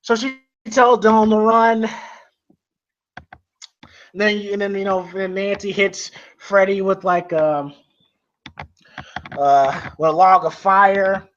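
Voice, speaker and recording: This male podcast host rambles through movie scenes in a casual review chat, full of fillers, restarts and frequent laughter. His voice sits high and a bit bright, with fairly even intonation, a slow pace and long pauses. The recording is dull lo-fi with a faint hiss.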